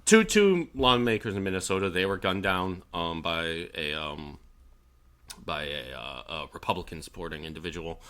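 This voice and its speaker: A man co-hosting a podcast, talking casually about politics in a halting, blunt way with many fillers and swearing. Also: sits low, animated, fairly bright tone, clear, resonant tone. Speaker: podcast co-host.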